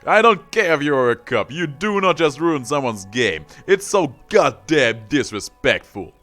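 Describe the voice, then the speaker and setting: A man voicing a gruff, indignant old ex-soldier who blusters and lectures in an old-fashioned way. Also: on the low side, brisk, fairly bright tone, soft background music, lightly acted. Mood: outraged.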